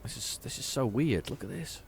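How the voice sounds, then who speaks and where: A man's voice: medium pitch, animated, normal speed, gravelly, soft background music. A man hosting a let's play, chatting casually and rambling while he plays, recorded close on a desk microphone at home. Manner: rambling, chatty, self-deprecating. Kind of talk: casual gameplay commentary.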